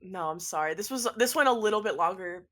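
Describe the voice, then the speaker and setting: A woman's voice: medium pitch, lively intonation, fast, a bit bright. A woman running a tabletop role-playing game as game master, narrating with fillers and repeated words.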